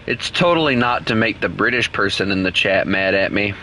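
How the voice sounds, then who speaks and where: A young man with a Southern American accent streams a game live, chatting casually and teasing his viewers with jokes and quick restarts. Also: lowish voice, expressive, bright, forceful tone, a little hiss or hum, rough recording. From United States. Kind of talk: casual live-stream chat while playing.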